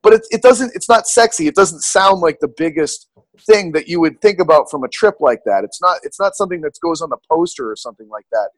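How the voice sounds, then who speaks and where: A young man talking as a podcast guest, relaxed and casual, filling his speech with "like" and "you know". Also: on the high side, fast, no room sound. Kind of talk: casual interview chat.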